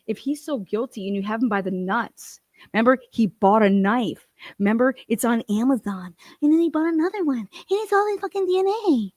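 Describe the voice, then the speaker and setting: A woman from Ohio delivers a fast, profane commentary rant and slips into mocking voices for other people. Her pitch sits in an ordinary middle range. The sound is dry and close, with no room around it. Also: a little mellow, no echo. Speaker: commentary channel host.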